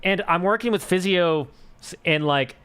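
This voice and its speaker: A man's voice: sits high, moderate pace, fairly bright tone, clean tone. A young man chatting casually on a live stream, telling a rambling story full of fillers and swearing.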